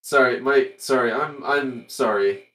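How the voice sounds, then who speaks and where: A man's voice: medium pitch, measured pace, bright, forceful tone, low-quality recording. A man playing a tabletop game, chatting casually in a rambling, apologetic way. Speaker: player.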